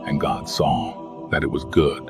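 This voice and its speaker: A man's voice: rumbling low, little pitch movement, pitched below the performer's own voice. A man voicing a solemn biblical narrator introducing the show over music. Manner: slow solemn biblical intoning. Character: booming godlike male narrator. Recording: over loud new-age music.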